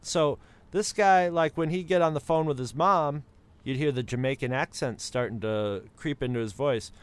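A man's voice: on the high side, normal speed, clean tone, no echo. An American man co-hosting a casual chat, rambling with many restarts as he talks. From United States. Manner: rambling, with many restarts and impressions of other accents.

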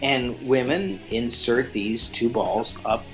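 A man co-hosting a podcast, telling a crude story in a rambling, animated way with lots of restarts. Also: medium pitch, slow pace, faint music behind. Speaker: podcast co-host. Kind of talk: casual chat, storytelling.

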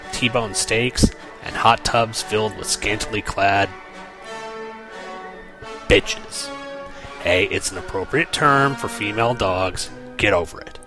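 A man's voice: on the low side, rough recording. A man hosting a comic book review podcast, with wry, joking asides. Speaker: podcast host.

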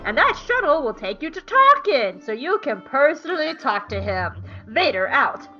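A woman voicing a menacing male dark lord in a smug, drawling way. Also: sits high, big pitch swings, moderate pace, muffled recording, music in the background, pitched above the performer's own voice.

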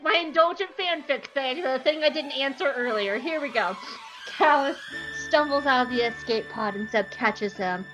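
Giggly, profane woman podcast host. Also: fairly high pitch. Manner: giggly, profane, animated storyteller. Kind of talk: comedic fan-fiction retelling. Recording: muffled podcast audio, faint music.

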